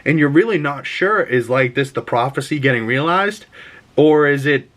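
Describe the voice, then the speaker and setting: A man giving a casual, spoiler-filled movie review, chatty and excitable, swearing freely as he talks. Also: medium pitch, normal speed.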